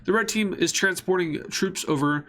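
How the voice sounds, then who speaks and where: A man's voice: sits high, normal speed, a bit bright. A young man hosting his own channel, narrating a map scenario in a casual, rambling way with jokey, self-mocking asides. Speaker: YouTube mapping channel host.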